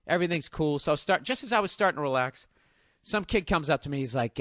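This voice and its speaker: A man's voice: fairly high pitch, lively intonation, fast, a bit bright, no echo, studio quality. Profane ranting man in his forties. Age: 40s. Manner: profane, ranting, mimics others in bits. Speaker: stand-up comedian. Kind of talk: stand-up comedy storytelling.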